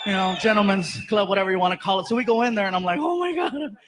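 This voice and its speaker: High-voiced man telling a stand-up story. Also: rapid-fire, loud music behind the voice. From Los Angeles, USA. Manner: animated, laughs through his own punchlines. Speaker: stand-up comedian. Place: comedy stage before a live audience.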